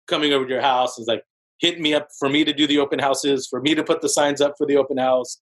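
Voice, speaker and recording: A man in his forties, a podcast guest, telling his story in an animated, casual way with many fillers like "like". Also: fast talker, rough recording. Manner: animated storyteller, heavy use of "like", jumps into higher voices for quotes. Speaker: podcast guest, real estate broker.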